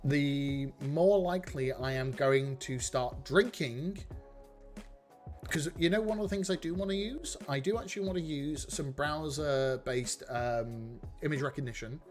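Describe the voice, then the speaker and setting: A man's voice: on the high side, measured pace, faint music behind. A man hosting a casual live coding stream, rambling, chatting with viewers and poking fun at himself. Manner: rambling, self-mocking, talks to chat.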